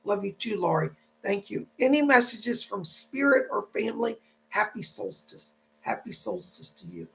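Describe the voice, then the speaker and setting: A man's voice: high-pitched, very animated, normal speed, creaky, fairly bright tone, low-quality recording. A man working as a psychic medium, hosting a live stream. He chats with viewers, thanks them for donations and passes on spirit messages in a reassuring tone.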